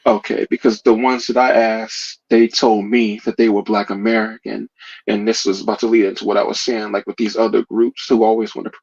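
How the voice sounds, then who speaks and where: Male caller from New Jersey, low voice, earnest, muffled line. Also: flat delivery, fairly quick, gravelly, a little mellow. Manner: earnest, polite questions. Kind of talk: casual chat. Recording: dull call-in audio.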